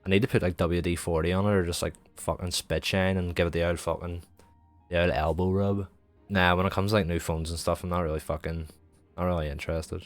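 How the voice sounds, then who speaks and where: A man's voice: low voice, level tone, a little fast, faint music behind. A young man streaming, chatting in a loose, rambling way, swearing freely and filling every gap with "like". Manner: sweary, rambling, heavy use of filler "like". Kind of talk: casual rambling chat.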